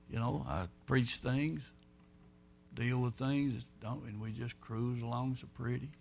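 Gravelly folksy preacher man. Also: medium pitch. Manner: folksy, rambling, swings between loud and soft. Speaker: pastor. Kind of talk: sermon.

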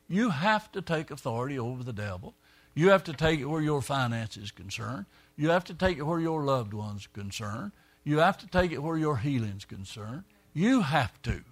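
A man preaching a sermon, telling a story in a folksy way and acting out the quoted voices. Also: a little high.

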